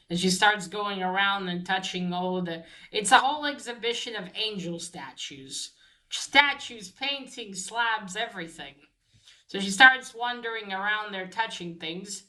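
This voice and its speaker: A woman's voice: mid-range voice, sharp tone, rough recording. Hesitant woman retelling a story. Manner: hesitant, many filler pauses. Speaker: book discussion host. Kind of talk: casual retelling of a novel.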